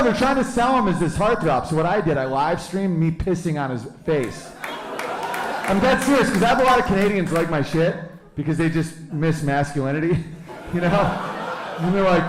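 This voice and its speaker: A man's voice: a little high, animated, moderate pace, background noise. A man doing a stand-up set on a club stage, brash, mocking and profane. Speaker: stand-up comedian. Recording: roomy club echo.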